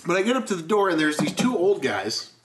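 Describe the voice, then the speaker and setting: A man's voice: high-pitched, very animated, fast talker, recorded from a distance. A man hosting a casual podcast, telling a profane story with lots of laughs. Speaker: podcast host. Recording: echoey room with faint noise.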